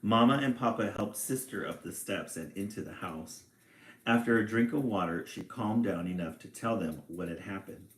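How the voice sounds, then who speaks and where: A man reading a children's picture book aloud, with relaxed, chatty asides between passages. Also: fairly low pitch, normal speed. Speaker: storybook reader. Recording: echoey room.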